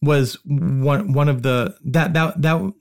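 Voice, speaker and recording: A middle-aged man telling stories in casual chat as a podcast guest, animated and self-deprecating, often stammering and repeating words. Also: fairly high pitch, slow pace, creaky. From Boston area.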